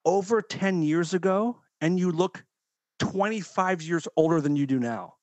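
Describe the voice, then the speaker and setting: A man's voice: high voice, unhurried, darkish tone, dry recording. A man co-hosting a podcast over a remote call, joking and rambling with lots of swearing. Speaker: podcast co-host. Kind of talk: casual chat.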